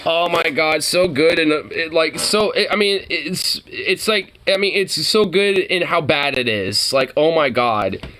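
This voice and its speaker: Young male reactor, loose and excitable, lively up-and-down delivery. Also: on the high side, measured pace, a little hiss or hum. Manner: excitable, profane, laughing, many fillers. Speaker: streamer reacting to a trailer. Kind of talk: casual reaction commentary.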